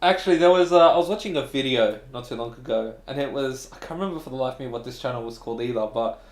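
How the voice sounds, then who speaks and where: A man co-hosting a gaming podcast, telling stories in an animated, casual way with some swearing. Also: medium pitch. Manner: animated storytelling, swearing, quick asides. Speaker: podcast co-host. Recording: echoey room.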